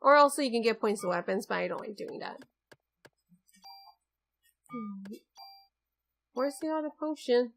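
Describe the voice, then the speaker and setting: Brief: young woman, slightly high voice, joking gamer commentary over faint game music. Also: lively intonation, measured pace, pauses often, a bit bright. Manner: chatty and wisecracking about the game. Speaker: let's play gamer. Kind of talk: casual gameplay commentary.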